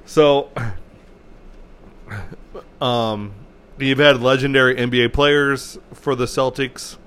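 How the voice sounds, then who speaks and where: A man hosts a solo sports podcast in a loose, unscripted way. He rambles through his points, restarts sentences and keeps clearing his throat. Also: mid-range voice, steady tone, takes it slowly, fairly bright tone. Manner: rambling, self-correcting, frequent throat clearing. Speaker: podcast host.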